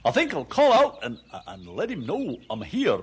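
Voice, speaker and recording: A stammering dog. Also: male voice, fairly high pitch, wildly swooping pitch, normal speed, husky, exaggerated voice. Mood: worried. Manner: stammering, bashful and polite. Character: clumsy friendly black dog in a little hat.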